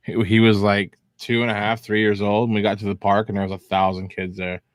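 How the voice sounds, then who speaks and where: A man co-hosting a live talk show, a father who tells stories in a lively, slangy way. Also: fairly low pitch, a little fast, no room sound, studio quality. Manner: animated storyteller, casual slang. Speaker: co-host of a missing persons show. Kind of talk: casual live-stream talk.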